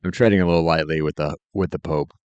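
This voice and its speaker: Talking fast in a rumbling low voice with fairly even intonation, a man rambles casually while streaming his work, often chuckling. His tone is dark and clean, and the dry recording has its highs cut off.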